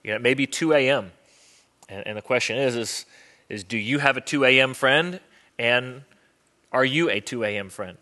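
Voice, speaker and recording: A man's voice: medium pitch, brisk, pushed and bright. A man preaching a sermon as pastor in a conversational, earnest way with wry humor.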